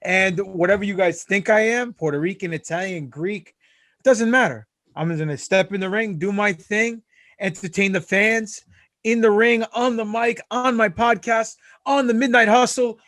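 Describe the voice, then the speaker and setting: A man's voice: high voice, normal speed, a bit bright, no echo, clean studio sound. A man guesting on a podcast, boasting and joking while staying in his wrestling persona. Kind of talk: casual chat.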